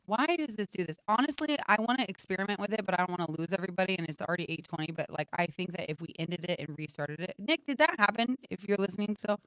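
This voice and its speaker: A woman co-hosting a radio morning show, chatting casually with quick, self-deprecating asides from a studio microphone. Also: mid-range voice, fairly bright tone, smooth, dry recording. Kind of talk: casual on-air banter.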